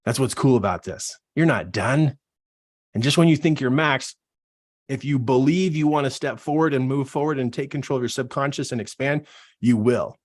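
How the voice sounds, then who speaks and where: A man giving an emphatic, repetitive motivational talk as a business coach, animated and preaching. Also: medium pitch, moderate pace. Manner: animated, acts out quoted voices.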